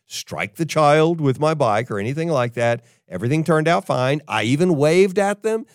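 An older man preaching a sermon, telling a personal story in an animated way and acting out what people say. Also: on the high side, normal speed, no room sound, clean studio sound. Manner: animated storyteller, acts out quotes. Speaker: pastor.

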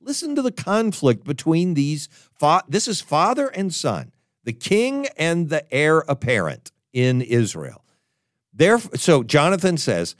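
A man preaching a sermon, emphatic and animated, often stumbling and restarting his words. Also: on the high side, measured pace, dry recording, studio quality. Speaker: pastor.

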